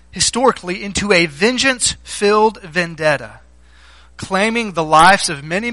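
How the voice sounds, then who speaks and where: A man's voice: high voice, pushed and bright, no room sound, low-quality recording. A man preaching a sermon in a conversational, storytelling manner, full of rhetorical questions. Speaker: pastor.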